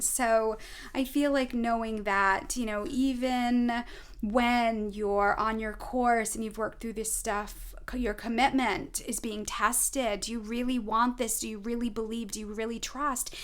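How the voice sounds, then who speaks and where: With a slightly high, somewhat bright voice, a middle-aged woman working as a spiritual advisor does a tarot reading. She tells it like a story, talking earnestly and casually to her viewers and frequently asking "right?".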